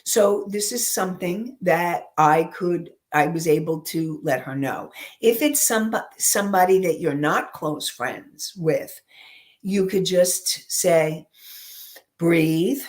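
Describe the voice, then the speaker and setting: A woman coach giving a teaching talk, speaking slowly and deliberately, pausing often and using personal examples. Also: fairly low pitch. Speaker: emotional intelligence coach.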